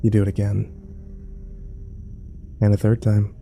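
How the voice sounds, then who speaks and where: Grim, mellow-voiced male horror narrator. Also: on the low side, completely flat delivery, gravelly, soft background music, rough recording. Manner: slow, grim storytelling that rises to frantic shouting in tense scenes.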